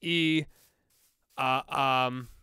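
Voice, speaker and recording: A young man streaming a game, joking at himself and trying out halting, clumsy Spanish. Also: medium pitch, fairly even intonation, background noise. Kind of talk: casual gaming livestream chat.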